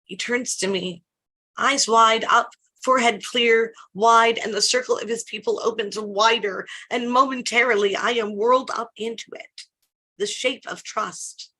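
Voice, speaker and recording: A woman reading her poetry at an online open mic, measured and lyrical. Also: fairly high pitch, steady tone, sharp tone. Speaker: poet.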